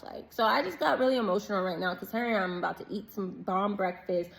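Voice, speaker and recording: A woman's voice: medium pitch, fast, creaky, hardly any pauses, poor audio. A woman vlogging on vacation, earnestly and emotionally sharing a faith testimony in casual, preacher-like talk. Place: on vacation, about to eat breakfast.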